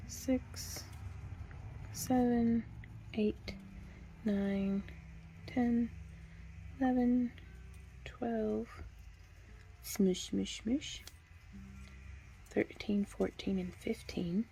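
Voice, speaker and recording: Female craft instructor, mellow dark tone, casual step-by-step tutorial delivery. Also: fairly high pitch, drawn-out words, creaky, pauses often, faint music behind. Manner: relaxed, chatty, counts stitches aloud.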